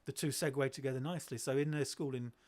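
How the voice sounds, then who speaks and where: A middle-aged man, a podcast guest telling classroom stories in a lively way, often restarting his sentences. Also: medium pitch, quick pace. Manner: animated, acts out children's voices, frequent restarts. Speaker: guest, education speaker. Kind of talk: conversational storytelling.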